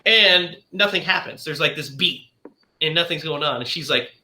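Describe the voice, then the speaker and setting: Male podcast host, bright and forceful, fairly high, animated plot recapper in an echoey room. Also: moderate pace. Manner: animated storyteller who acts out the characters' lines. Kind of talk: casual movie discussion, retelling the plot. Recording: roomy echo.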